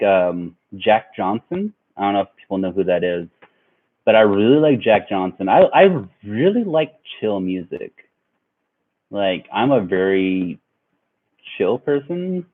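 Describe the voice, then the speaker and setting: Laid-back low-voiced young man rambling. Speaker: vlogger. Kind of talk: casual storytelling. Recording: tinny phone-like sound.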